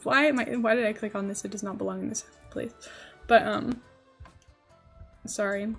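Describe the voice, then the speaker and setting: A woman's voice: mid-range voice, steady tone, moderate pace, breathy edge, faint music behind. A young woman streaming live, rambling casually and thinking aloud as she builds in a game. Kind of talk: casual livestream chat while building in a game.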